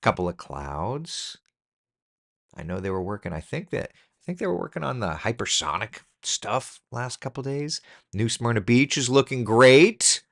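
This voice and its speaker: A man's voice: mid-range voice, sing-song, a little slow, gravelly. A man hosting a casual weather live stream, chatty and joking with viewers as he reads through the forecast. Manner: chatty, talks to the computer in mock frustration.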